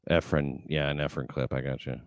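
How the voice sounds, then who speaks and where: A man's voice: a bass voice, level tone, brisk, dry recording. A man hosting a livestream, chatting casually and reading viewer comments, rambling and swearing with many fillers and restarts. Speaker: show host reading live chat.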